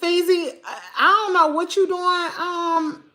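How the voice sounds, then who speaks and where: A Mississippi woman with a Southern American accent hosts a casual livestream, talking to viewers in a chatty, exclamatory way before turning to scold the chat. Her very high voice is steady, fairly bright, and unhurried.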